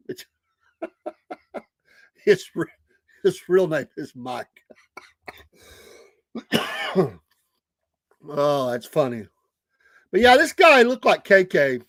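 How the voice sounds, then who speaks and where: A man's voice: on the high side, sing-song, slow, long pauses, a bit bright, no echo. A middle-aged man, hosting a casual livestream and telling stories with frequent laughter. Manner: chatty, laughs often. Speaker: host.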